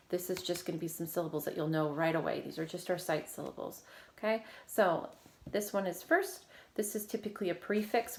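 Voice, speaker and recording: A woman teacher leading a recorded phonics lesson, giving steady step-by-step prompts and quick praise. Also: fairly low pitch. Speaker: reading teacher.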